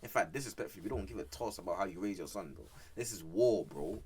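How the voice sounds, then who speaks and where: A young man giving animated, filled casual reaction commentary as a music streamer. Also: low-pitched, fast talker. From United Kingdom. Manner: animated, slangy, repeats "bro" and "I can't lie".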